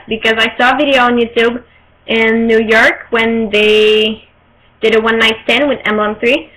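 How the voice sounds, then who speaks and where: A young woman from Quebec whose first language is French speaks in a bright, fairly high voice. She rambles excitedly through a casual vlog story and keeps pausing to search for her words. The home recording is poor in quality. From Quebec, Canada.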